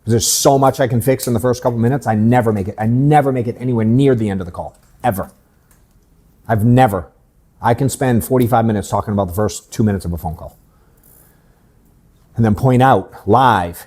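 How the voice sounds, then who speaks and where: A man's voice: medium pitch, brisk, darkish tone. A man in his thirties, a sales coach hosting a workshop in his office, talking bluntly and candidly and swearing casually.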